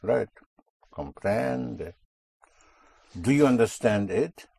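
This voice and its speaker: A man's voice: fairly low pitch, expressive, slow pace, darkish tone, slightly rough, no room sound. A man teaching a language class, patiently drilling words and correcting pronunciation.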